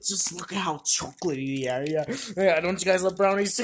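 A woman's voice: lowish voice, brisk, hardly any pauses. Giddy woman voicing toy characters. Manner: giddy, shrieking bursts of excitement. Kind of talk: toy play-acting with several characters.

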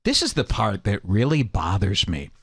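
A man's voice: on the low side, wildly swooping pitch, moderate pace, husky. A man hosting a podcast, ranting in a casual, abrasive and profane way to his cohost. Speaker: podcast host.

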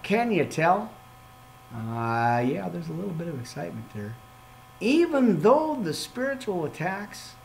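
A man, a minister hosting a live podcast, signing off with excitable, playful talk, frequent amens and asides to himself. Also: a little high, gravelly, slight background noise. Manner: preacherly amens and exhortations.

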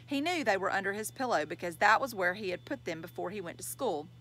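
Woman reader, children's novel, lively pitch, expressive. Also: quick pace, poor audio. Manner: expressive storytelling. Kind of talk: reading a children's novel aloud.

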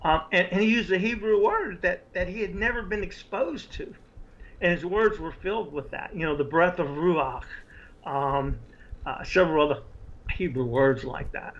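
A man, an author guest, telling his story in an earnest, animated conversational way. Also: sits high, moderate pace, highs cut off.

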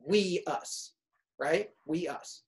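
A middle-aged man, a music teacher, giving casual advice to students in an animated, storytelling way, often acting out what kids say. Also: on the high side, very slow, poor audio.

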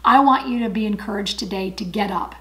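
A woman's voice: mid-range voice, a little fast, rough recording. A woman giving an encouraging Bible study talk, earnest and emphatic, repeating her key phrases.

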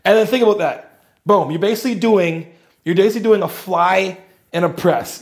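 High-voiced, slangy fitness coach. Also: male voice, normal speed, creaky. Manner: energetic, slangy, thinking aloud. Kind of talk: casual commentary.

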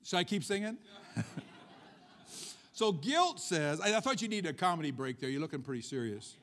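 A man preaching a Sunday sermon in a relaxed, conversational way, with a voice that sits noticeably high for a man. He keeps checking in with the congregation with quick questions and drops light joking asides between his points. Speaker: pastor. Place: church service.

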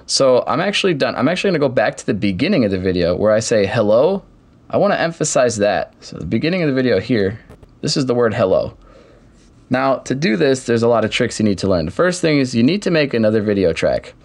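A young man casually walking through software steps in a screen-recorded tutorial, with keyboard typing behind him. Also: medium pitch, very animated, fast. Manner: step-by-step, casual explaining. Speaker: tutorial host.

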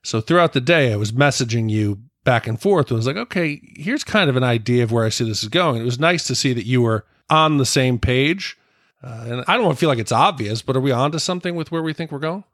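A man in a casual podcast chat with a middle-pitched voice. He rambles along in a relaxed way with easy fillers, recorded close and dry. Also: fast, dry recording. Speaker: podcast co-host.

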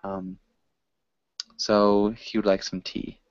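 A man with a lowish voice leads a reading class, talking slowly and casually with plenty of fillers and restarts. The sound is dry and dull, like a lo-fi recording. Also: flat delivery, clear, resonant tone, dry recording. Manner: casual, hesitant, with many fillers. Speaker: teacher. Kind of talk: explaining a story to a class.

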